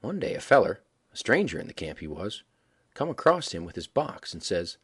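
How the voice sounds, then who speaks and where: A man reading a story aloud as a folksy, animated yarn-spinning narrator with a husky voice. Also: fairly low pitch, moderate pace. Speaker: audiobook reader.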